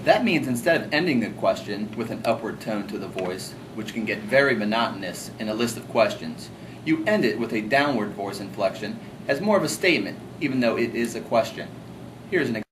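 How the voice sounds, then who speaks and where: A man demonstrating sales questions in a class with an upbeat, animated manner. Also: lowish voice, a little fast, background noise. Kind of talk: instructional role-play.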